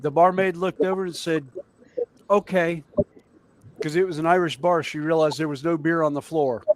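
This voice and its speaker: Jokey man with a higher voice. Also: steady tone, moderate pace, a little hiss or hum, low-quality recording. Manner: rambling, jokey, many fillers. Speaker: guest on a hobby livestream. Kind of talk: casual storytelling chat.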